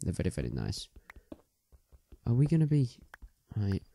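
A man's voice: lowish voice, huge pitch swings, normal speed, creaky, mellow, slight background noise. A young man chatting casually as he plays a game, rambling with many ums and restarts. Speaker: gaming video host.

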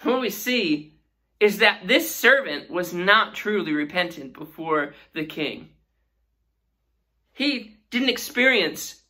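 A woman's voice: on the low side, sharp tone. A woman teaching a Sunday school Bible lesson in an earnest way, asking her listeners questions.

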